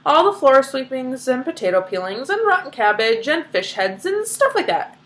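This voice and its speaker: A woman reading aloud, voicing a calm, unbothered eccentric male candy maker. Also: high voice, moderate pace.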